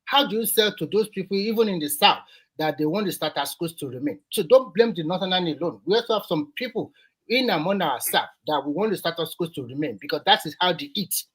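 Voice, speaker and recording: A man's voice: high-pitched, animated, brisk, slightly rough. Man, activist on a panel, emphatic, repeats points, heated. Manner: emphatic, repeats himself, gets loud.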